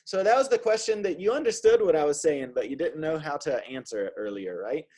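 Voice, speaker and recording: A man's voice: a little high, expressive, fairly quick, darkish tone. A man teaching an online Spanish class in a casual, upbeat way, drilling words for his student to repeat. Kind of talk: online language lesson. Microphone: video call.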